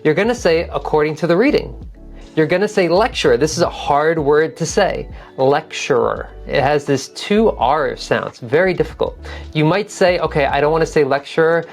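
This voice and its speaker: A woman's voice: sits low, lively intonation, moderate pace, darkish tone, faint music behind. A woman teaching an online test-prep lesson, practical and encouraging, repeating key phrases to model how they should sound. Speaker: TOEFL teacher.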